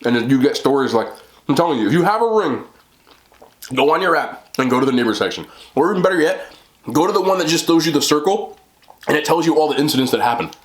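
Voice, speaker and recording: Eating-show host, a man chatting loosely between bites, lively up-and-down voice. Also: on the high side, fast talker. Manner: rambling, full of "like" and "you know". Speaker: mukbang host. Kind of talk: casual chat while eating.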